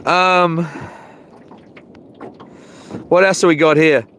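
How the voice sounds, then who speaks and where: A fishing vlogger talks extremely slowly in a slightly high, somewhat bright voice with a steady tone, slight background noise around him by the water. Casual and slangy on his live stream, he often chuckles at his own jokes.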